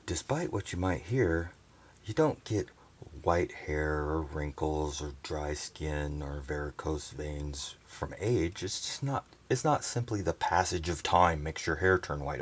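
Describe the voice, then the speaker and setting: Deep-voiced man ranting profanely. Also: lively intonation, unhurried, husky. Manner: profane, rambling and indignant. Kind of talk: casual vlog rant. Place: on a sailboat. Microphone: handheld camera set down nearby.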